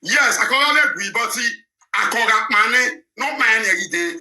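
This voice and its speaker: A man's voice: very high voice, expressive, normal speed, sharp tone, echoey room. A man speaking with a Nigerian Pidgin accent, ranting heatedly as a show presenter and firing off rhetorical questions. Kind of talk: heated live talk.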